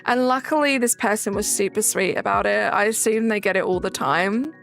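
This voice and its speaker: A woman's voice: mid-range voice, fairly quick, creaky, fairly bright tone, soft background music. A young woman streaming a game, chatting casually and answering chat messages aloud.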